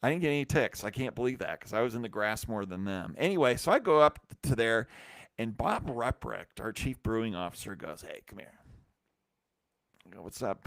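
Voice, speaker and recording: A man hosting a live stream, telling a rambling, animated anecdote full of restarts and acted-out quotes. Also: mid-range voice, no room sound, clean studio sound. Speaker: brewery company host. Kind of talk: casual storytelling on a live stream.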